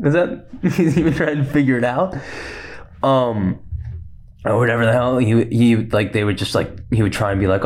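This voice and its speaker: A man hosting a podcast, chatting casually about films, talking fast and rambling with lots of fillers and restarts. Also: medium pitch, darkish tone. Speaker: podcast host. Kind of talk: casual rambling film chat.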